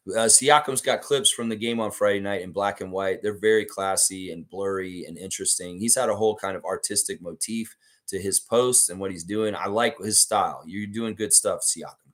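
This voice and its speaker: A hoarse man hosting a live sports stream, reading viewer messages aloud and ranting in a casual, swearing way. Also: lowish voice, normal speed. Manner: animated, reads chat messages aloud, swears freely.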